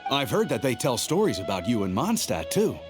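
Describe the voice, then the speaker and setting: A man's voice: medium pitch, huge pitch swings, brisk, over music. An actor playing a jovial, admiring male sailor in a video game.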